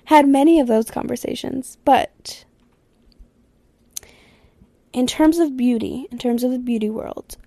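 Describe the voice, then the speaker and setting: A woman's voice: high-pitched, measured pace, creaky, long pauses, warm tone, no room sound. A young woman hosting a solo podcast, talking candidly and rambling, swearing freely and sometimes dropping to a whisper. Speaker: podcast host. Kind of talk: casual solo podcast chat.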